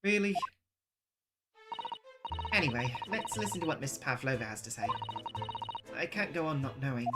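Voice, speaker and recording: A woman's voice: very deep voice, expressive, moderate pace, long pauses, over loud music. A woman voicing a flustered young man. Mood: wry. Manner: flustered, unsure. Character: earnest young Japanese male defendant.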